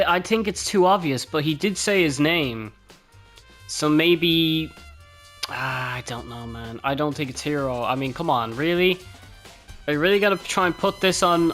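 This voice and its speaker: A woman giving rambling, self-correcting let's play commentary. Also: deep voice. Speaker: gamer. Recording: game music behind.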